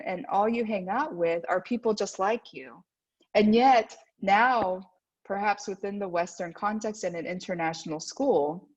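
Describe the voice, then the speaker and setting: Husky-voiced woman giving a school talk. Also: medium pitch. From United States. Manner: frequent "right?" check-ins, acts out quoted voices. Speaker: guest speaker at a school. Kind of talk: presentation to parents. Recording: dull lo-fi sound.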